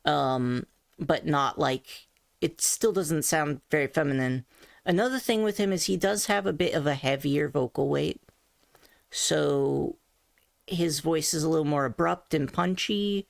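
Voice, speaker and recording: Brief: slow-talking vlogger, gravelly, thoughtful and self-critical, close and dry. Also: medium pitch, no echo. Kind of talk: casual voice training vlog.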